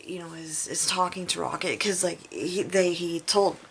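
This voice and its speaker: A woman's voice: lowish voice, steady tone, moderate pace, vocal fry, fairly bright tone, a little hiss or hum. A woman giving a casual movie review, retelling scenes in a rambling, chatty way full of fillers and laughter.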